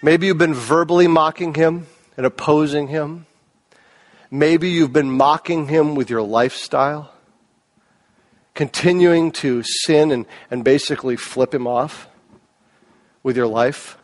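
A man preaching a sermon as a pastor, animated, with hushed low moments and raised emphatic peaks. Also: unhurried, pauses often.

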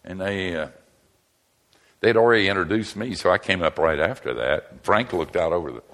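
An older man, a pastor and seminary teacher, telling humorous stories in a lively, self-mocking way and chuckling often. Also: sits low, normal speed. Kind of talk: humorous storytelling talk.

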